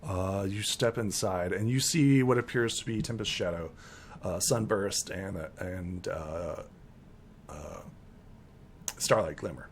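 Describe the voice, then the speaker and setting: A man's voice: low-pitched, a little slow, a little hiss or hum. A man narrating a tabletop role-playing game as game master, rambling with many fillers.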